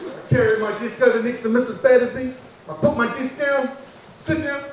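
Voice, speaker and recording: A man performing a personal story aloud, dramatic and full of pauses, acting out the people in it. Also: extremely high pitch, steady tone. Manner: dramatic, acts out voices and pauses. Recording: echoey room from far off with faint background noise.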